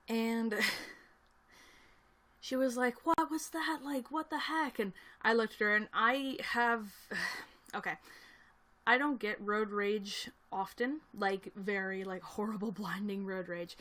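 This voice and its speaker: A woman's voice: medium pitch, bright, forceful tone. A young woman talking casually on her livestream, rambling through a story with frequent "like"s and small laughs. She sits at her computer, talking to a camera on a selfie stick, and snacks as she reads the chat. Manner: snacking and reading chat aloud.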